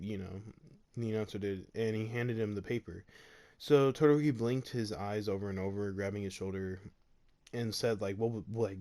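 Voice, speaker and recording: A man's voice: fairly low pitch, dark tone. A man in his bedroom retelling a fan story in a rambling, filler-heavy way, laughing often.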